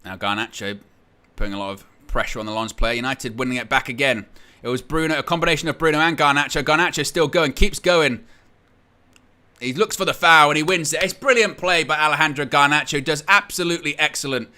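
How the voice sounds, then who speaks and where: A man hosting a live football watchalong, calling the play, surging loud at goals and then breaking it down calmly, reading viewers' chat aloud. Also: on the high side, brisk, clear, resonant tone. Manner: excitable, surges loud at goals, then calm analysis. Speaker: watchalong host. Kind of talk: live match watchalong commentary.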